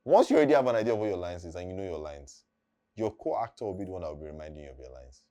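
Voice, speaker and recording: A man's voice: deep voice, animated, rapid-fire, warm tone. Guy explaining acting stuff, casual, keeps hammering the same point. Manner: explanatory and emphatic, repeating key points. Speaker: acting coach. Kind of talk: casual teaching monologue.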